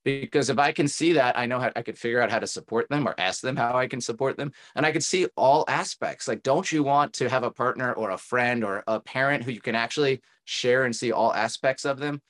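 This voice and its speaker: An earnest man in a casual podcast conversation, a tantra coach sharing advice. His voice sits at an ordinary, mid-range pitch, and his thoughts spill out in long, encouraging, reflective runs. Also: a little fast, hardly any pauses, a bit bright.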